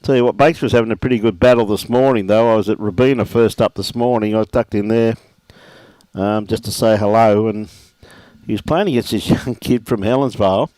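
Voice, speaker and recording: A man's voice: fairly low pitch, a little fast, a little mellow, no echo. Laid-back Australian male bowls commentator. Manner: laid-back, chatty, greets viewers by name. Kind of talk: live sports commentary with viewer shout-outs.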